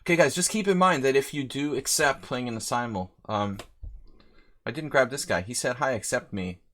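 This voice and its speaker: A man's voice: mid-range voice, moderate pace, bright, forceful tone. A man hosting a live chess stream, chatting casually and rambling as he reads out viewer names.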